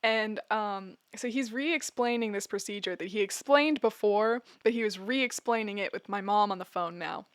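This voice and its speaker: A young woman of about twenty chats through a story for her vlog, laughing often and delivering her jokes deadpan. She rambles, stops to correct herself and fills the gaps with ums and likes. Her voice sits at a middling pitch and sounds dry and close, with no room around it. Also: normal speed, few pauses, clean tone, no echo. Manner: rambling with many fillers and self-corrections. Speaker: vlogger. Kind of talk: casual storytime.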